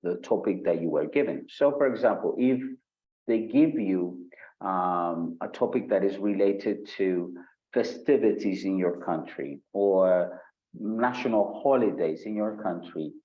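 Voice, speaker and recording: A man's voice: low-pitched, unhurried, highs cut off. A man teaching an online exam-prep lesson, asking the audience questions and reading their chat comments aloud. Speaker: IELTS instructor. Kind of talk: live online webinar lesson.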